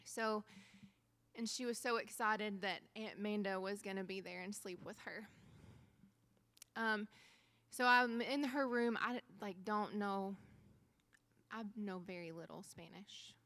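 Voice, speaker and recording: A woman telling an animated church testimony about a mission trip, acting out quoted dialogue as she goes. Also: medium pitch, slow, pauses often. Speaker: missionary speaker.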